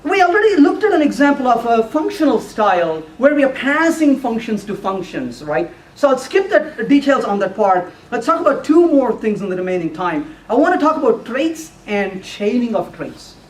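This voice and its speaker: A man giving a technical talk with live coding to a user group, animated and playful, now and then putting on a mock voice for the compiler. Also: very high voice, normal speed, few pauses. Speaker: conference speaker. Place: lecture room at a user group meeting. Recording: echoey room, voice from far off.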